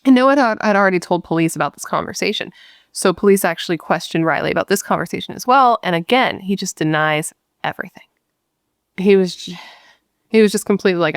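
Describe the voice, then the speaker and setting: A woman's voice: on the low side, animated, quick pace, no room sound, clean studio sound. A woman hosting a true crime show, telling the case in a casual, blunt way and swearing freely. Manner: chatty, blunt, swears freely, retells dialogue conversationally. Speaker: true crime podcast host.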